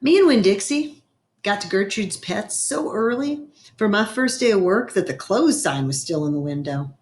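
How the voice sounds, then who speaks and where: A woman reading a children's novel aloud in a gentle storytelling manner, slowing down for effect. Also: mid-range voice, lively intonation. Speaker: reader. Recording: echoey room.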